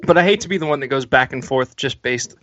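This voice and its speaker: A man's voice: mid-range voice, fast, a bit bright, no echo. Chatty guy on a podcast, drink in hand, dry muffled mic. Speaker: podcast co-host. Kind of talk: casual podcast chat.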